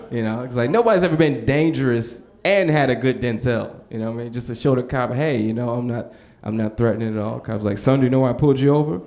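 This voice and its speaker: A man's voice: mid-range voice, fairly quick, a little mellow, reverberant. A young man performing a stand-up set in a club, telling stories in a laid-back way and acting out other voices. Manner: laid-back storytelling, acts out voices, laughs at own jokes. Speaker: stand-up comedian. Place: comedy club stage with audience.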